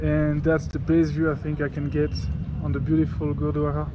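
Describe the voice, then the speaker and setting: A man's voice: on the high side, monotone, moderate pace, highs cut off, noisy background. A man from France with a French accent, chatting casually and joking at his own expense as a travel vlogger while walking around outdoors. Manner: chatty, upbeat, self-mocking. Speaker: motovlogger host. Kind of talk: casual vlog walk-and-talk. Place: outdoors at a museum and temple.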